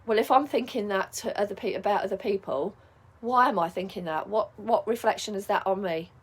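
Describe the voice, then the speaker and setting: A woman's voice: medium pitch, a little fast, breathy edge. Chatty woman giving life advice. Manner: chatty, reassuring, asks "yeah?" often. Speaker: spiritual life coach. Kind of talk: casual advice vlog.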